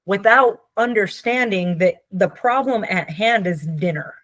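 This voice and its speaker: A woman's voice: mid-range voice, measured pace, fairly bright tone, dry recording. A woman therapist explaining ideas in a casual, conversational teaching style, often checking in with "Okay?" and playfully acting out the people she quotes. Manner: acts out quoted voices playfully.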